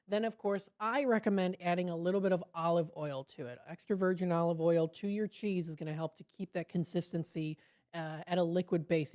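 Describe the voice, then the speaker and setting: A woman's voice: on the low side, warm tone. A woman hosting a casual food segment on local radio, chatty and upbeat, laughing at her own jokes, speaking into a studio microphone.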